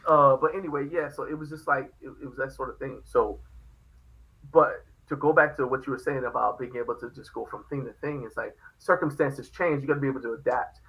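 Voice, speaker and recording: A man's voice: mid-range voice, steady tone, brisk, a bit bright, low-quality recording. A man hosting a podcast, telling a story in casual chat and acting out the quoted lines. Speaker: podcast host.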